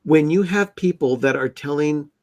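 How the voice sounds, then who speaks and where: A man's voice: on the high side, moderate pace. A man co-hosting a casual live chat show, agreeing emphatically with the others. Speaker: podcast co-host.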